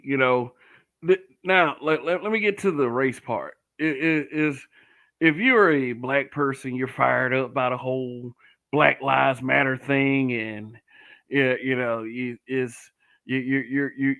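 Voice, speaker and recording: A man's voice: medium pitch, unhurried, phone-quality sound. A man giving blunt, profane commentary, often restarting and stammering over his words. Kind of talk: casual commentary to camera.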